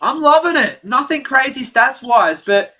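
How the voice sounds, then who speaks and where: A man giving live fan play-by-play for his home team on a stream, partisan and quick to rant at the referees. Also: very high-pitched. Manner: partisan, excitable, rants at referees.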